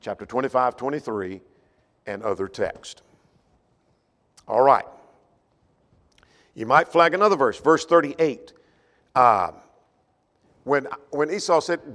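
A man of middle pitch teaching a Bible class, thinking aloud as he works through the text and often restarting or repeating words. His voice carries a long hall reverb, as if recorded in a large room. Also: expressive, slow, pauses often, fairly bright tone.

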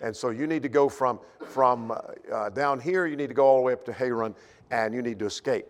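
A man of middle pitch teaching a Bible class, thinking aloud as he works through the text and often restarting or repeating words. His voice carries a long hall reverb, as if recorded in a large room. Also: brisk.

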